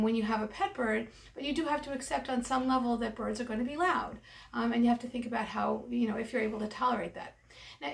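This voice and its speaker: Woman veterinarian, calm practical explainer, slightly high gravelly voice. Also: recorded from a distance. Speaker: avian veterinarian. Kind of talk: educational talk to camera.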